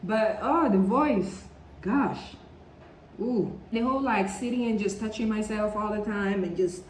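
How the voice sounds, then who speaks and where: A woman's voice: medium pitch, measured pace. A woman talking casually to camera in a rambling storytime vlog, peppering her speech with "like" and "you know.". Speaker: vlogger. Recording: roomy echo with faint background noise.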